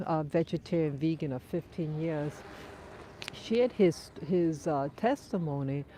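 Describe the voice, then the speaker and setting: A woman's voice: low-pitched, dark tone, a little hiss or hum. A woman hosting a live stream on an outdoor dog walk, talking things over in a thoughtful, conversational way and answering viewers' comments, with a runny nose. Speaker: livestream host.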